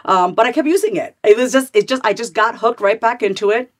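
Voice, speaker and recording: A woman in her forties, a podcast guest, telling her own story candidly and lively, jumping up and down in pitch as she replays her old thoughts. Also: quick pace. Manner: animated, swings pitch widely to act out her own past thoughts.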